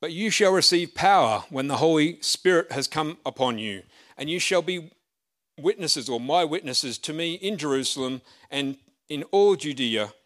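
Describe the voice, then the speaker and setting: A middle-aged Australian pastor tells a story during a sermon, his voice fairly high and fairly bright. He's chatty and pokes fun at himself, often restarting and laughing.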